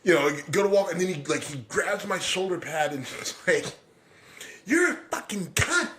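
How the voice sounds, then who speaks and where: A middle-aged man co-hosting a podcast, telling stories loudly and with lots of profanity in casual chat. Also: on the high side, brisk. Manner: loud, profane storytelling. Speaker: podcast co-host.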